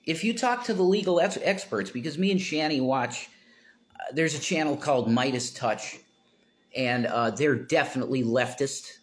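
Middle-aged man, rambling casual monologue, mid-pitched voice, mumbling asides, loud exasperated bursts. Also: expressive, normal speed. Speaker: political commentator.

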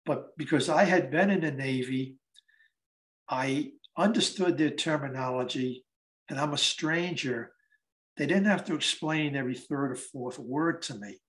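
A man's voice: medium pitch, a little slow, fairly bright tone, poor audio. A man in his eighties, a guest speaker at a library event, telling stories conversationally and acting out the dialogue. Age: 80s. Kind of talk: storytelling talk.

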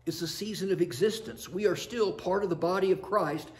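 A male pastor delivers a sermon in a chapel with an earnest, storytelling manner. His voice sits a little higher than most men's. He lands rhetorical questions and answers them plainly. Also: a little fast.

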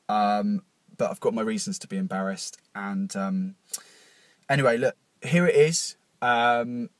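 A man hosting a confessional podcast, speaking in a halting, nervous and openly emotional way with many pauses and restarts. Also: lowish voice, no room sound. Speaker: podcast host.

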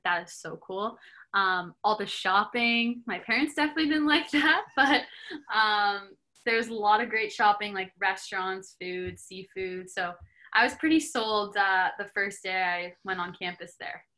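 Woman, twenties, from Canada, hockey player guest, chatty, bright voice. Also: medium pitch, normal speed. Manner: chatty, lots of filler words and laughs. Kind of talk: casual interview chat.

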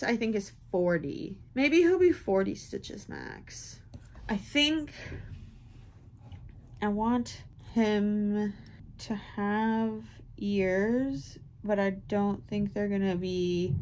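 A young woman talks to the camera as she crochets at home. She rambles, thinks aloud and pokes fun at herself in a relaxed, chatty way. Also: medium pitch, takes it slowly, slight background noise. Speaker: crochet vlogger. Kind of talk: casual chat while crocheting.

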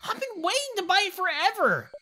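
A woman doing a loud, eager young boy. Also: extremely high pitch, very animated, a little fast, voice pushed up, full character voice. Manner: eager, brash, shouting.

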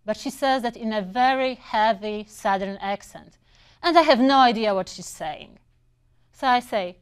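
A woman's voice: mid-range voice, normal speed, clean tone. A middle-aged woman, a non-native English speaker who teaches English, telling personal stories in a conversational way with small restarts. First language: not English. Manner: conversational, with brief restarts and fillers. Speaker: English instructor. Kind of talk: personal storytelling.

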